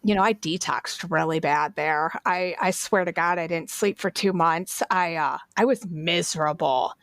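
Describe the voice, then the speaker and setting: A woman's voice: lowish voice, normal speed, a bit bright, dry recording. Blunt swearing woman with a Cleveland accent. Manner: blunt, swears freely, laughs often. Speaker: podcast guest. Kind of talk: casual storytelling.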